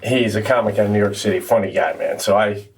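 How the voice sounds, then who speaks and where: A man co-hosts a casual podcast, spinning long stories with a loose, profane, laughing delivery. His voice climbs sharply when he gets excited, and he sits a little back from the mic, so he sounds slightly distant. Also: fast, a little hiss or hum. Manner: animated, swears and laughs while telling stories, pitch jumps up when excited. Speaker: podcast co-host. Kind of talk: casual storytelling chat.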